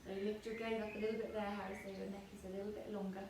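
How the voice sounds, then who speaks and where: A woman in her thirties teaching yoga to children, giving gentle, playful, encouraging instructions. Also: medium pitch, level tone, rapid-fire. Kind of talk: guiding a kids' yoga class. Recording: echoey room, distant mic, faint noise.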